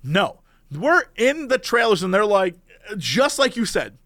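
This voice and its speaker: A podcast co-host chats casually in a high-sitting voice at a measured pace, captured in a dry, clean studio recording. He's an animated storyteller, telling tales with lots of energy and slipping into impressions and voices.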